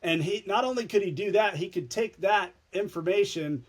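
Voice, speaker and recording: A former TV news anchor, a man, telling stories as a podcast guest in an animated way, often restarting his words. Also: sits high, moderate pace. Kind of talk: casual storytelling chat.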